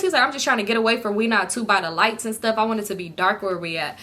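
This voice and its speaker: A young woman casually telling a storytime vlog, profane and animated, acting out what others said. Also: on the high side, fast, few pauses. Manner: animated, profane, acts out quotes. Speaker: storytime vlogger.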